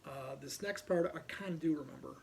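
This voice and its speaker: A man's voice: fairly high pitch, fairly quick, gravelly, darkish tone, a little hiss or hum. A middle-aged man from Ohio, a police officer, casually telling a personal story and animatedly acting out other people's lines.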